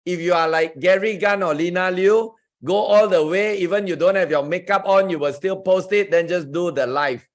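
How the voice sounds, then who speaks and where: A man with a slightly raised pitch coaching over a video call. He speaks in an emphatic, motivational way, cheering his listeners on and asking them direct questions. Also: normal speed, few pauses. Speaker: network marketing coach hosting a Zoom session. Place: online Zoom group call.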